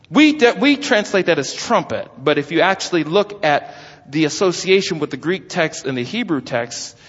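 A man's voice: sits high, a bit bright. A man preaching an expository sermon, emphatic and exclaiming as he explains a text. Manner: emphatic, exclaims and stretches words. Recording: lo-fi with long hall reverb.

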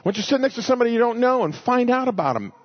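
A man quoting a brisk, bossy female trip organizer who gives quick, cheerful instructions. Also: extremely high pitch, sing-song, highs cut off, voice pushed up, heavily acted.

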